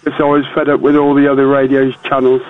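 A man's voice: mid-range voice, monotone, fast, dry recording. A man calling in to a radio show, chatty and good-humoured. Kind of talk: phone-in chat. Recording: tinny phone line.

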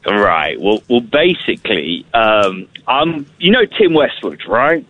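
A man's voice: on the low side, sing-song, slow pace. Rambling male caller on a dull phone line. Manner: rambling, hesitant. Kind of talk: phone-in chat.

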